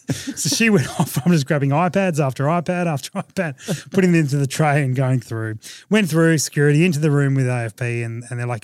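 A man's voice: on the high side, moderate pace, no echo. Chatty man telling a story. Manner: animated, laughing, acts out quoted people. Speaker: podcast host. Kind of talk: casual storytelling chat.

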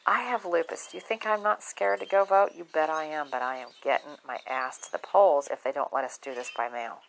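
Lady vlogging, deep voice, blunt and outspoken, swears a lot. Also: steady tone, a little fast, gravelly, rough recording. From southern United States. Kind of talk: casual monologue to camera.

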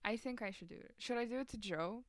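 A woman's voice: fairly high pitch, fast, a crowd in the background. A nineteen-year-old woman co-hosting a podcast in casual chat, swearing lightly and trailing off with fillers. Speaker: podcast co-host.

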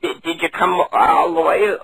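Doing a full character voice, a male prank caller plays a frail, confused old woman: muddled, quavering and creaky, he rambles, stammers, mishears things and says them again. The pitch is fairly high and steady, at normal speed and slightly bright, on a dry, poor-quality recording.

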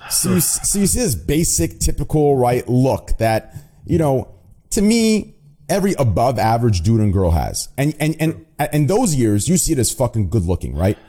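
A man's voice: medium pitch, sing-song, normal speed, dark tone. A young man streamer rambling and swearing in a casual group call, repeating himself to make a point.

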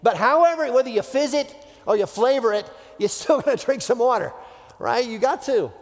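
Pastor preaching in a reverberant hall. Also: male voice, extremely high pitch, animated, moderate pace. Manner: casual, rhetorical asides, frequent restarts. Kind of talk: conversational sermon.

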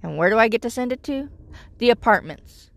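A woman's voice: on the high side, expressive, brisk, creaky, no room sound. A middle-aged woman vlogging casually, telling a rambling, exasperated story about her troubles. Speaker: vlogger living in her vehicle. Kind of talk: casual chat.

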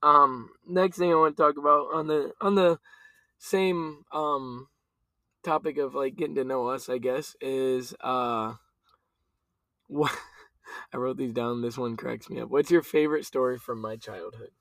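A man's voice: medium pitch, steady tone, measured pace, bright, forceful tone, no room sound, poor audio. A young man co-hosting a casual family chat podcast, joking, laughing often and restarting his sentences. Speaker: podcast co-host.

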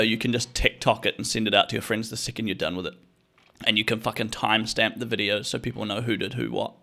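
Young guy ranting and joking, lots of swearing and slang, calls you bro. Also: medium pitch. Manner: animated, swearing, slangy, addresses listener as bro. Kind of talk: casual comedic storytelling rant.

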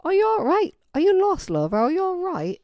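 A woman voicing a big, motherly English pub landlady who calls everyone love, with an English accent and a high, sing-song delivery. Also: huge pitch swings, moderate pace, dark tone, dry recording, heavily acted. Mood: concerned.

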